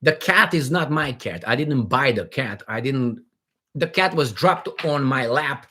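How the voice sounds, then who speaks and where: A man's voice: mid-range voice, expressive, measured pace, bright, forceful tone. A middle-aged man hosting a casual livestream, rambling and joking as he reads viewer comments aloud, with many fillers and restarts. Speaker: livestream host.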